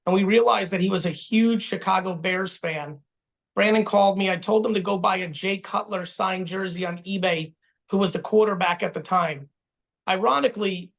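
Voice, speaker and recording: A man's voice: sits high, creaky, a bit bright. A man telling a business story with emphatic, profane energy over a video call. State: getting stitches while talking. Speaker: guest speaker answering questions.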